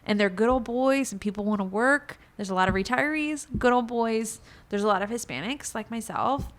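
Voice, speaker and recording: A woman guest on a podcast, telling her story in a frank, animated conversational way and swearing casually. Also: a little high, moderate pace.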